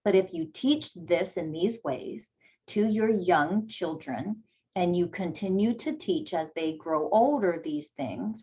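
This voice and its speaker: Blunt, emphatic woman with a low voice. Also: unhurried, darkish tone, slightly rough, highs cut off. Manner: blunt and emphatic, swears freely, acts out parent dialogue in a high sing-song. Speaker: self-development speaker. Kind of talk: candid motivational talk.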